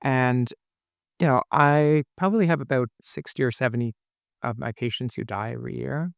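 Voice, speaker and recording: Man, palliative nurse, gravelly voice, dry sound, gentle, thoughtful, hesitant. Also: medium pitch, normal speed, no echo. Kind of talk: conversational interview answers.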